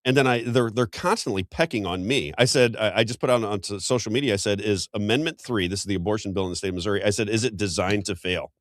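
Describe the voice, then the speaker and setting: A man's voice: on the low side, racing, few pauses, no room sound, clean studio sound. A man hosting a political talk show, talking in a heated way with frequent stumbles and restarts. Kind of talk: political commentary.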